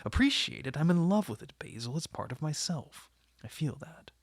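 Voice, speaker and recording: A man reading the part of an anguished, vain young man who pleads theatrically, with a gravelly, husky voice. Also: a little high, big pitch swings, moderate pace, no echo, studio quality, pitched above the performer's own voice. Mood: desperate.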